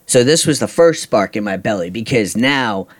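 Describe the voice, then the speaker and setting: A man's voice: lowish voice, animated, normal speed. Blunt, frustrated man telling his story. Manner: frustrated, ranting, blunt with swearing. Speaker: podcast host. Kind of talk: personal storytelling monologue.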